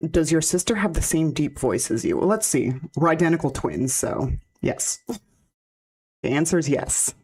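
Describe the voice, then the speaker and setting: Deep-voiced woman chatting on stream. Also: sing-song, moderate pace, darkish tone, husky. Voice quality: naturally deep voice. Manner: rambling, filler-heavy, laughs often. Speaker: VTuber streamer. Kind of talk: casual live-stream chat.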